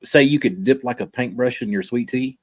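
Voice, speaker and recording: A man's voice: mid-range voice, a little fast. A man co-hosting a casual chat, bantering playfully.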